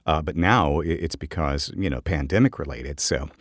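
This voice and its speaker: A man's voice: very deep voice, moderate pace, no echo, clean studio sound. A man co-hosting a voice-over podcast, chatting casually and joking, with plenty of fillers. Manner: relaxed, joking, many fillers. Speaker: podcast co-host, voice actor. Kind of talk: casual chat.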